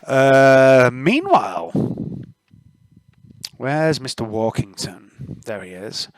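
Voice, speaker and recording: A man, narrating a tabletop game as game master, relaxed and trailing off with ums. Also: mid-range voice, takes it slowly, no echo.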